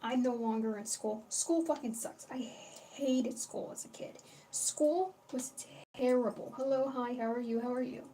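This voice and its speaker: On a casual livestream, a young woman rambles and chats, greeting her chat and swearing freely as she goes. Her mellow voice leans high, at a moderate pace. The recording comes from a distant mic, with faint noise in the background.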